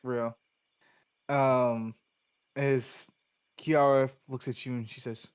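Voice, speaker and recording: A man's voice: mid-range voice, level tone, takes it slowly, pauses often, clear, resonant tone. A man narrating a tabletop game as game master, in a casual, filler-heavy way.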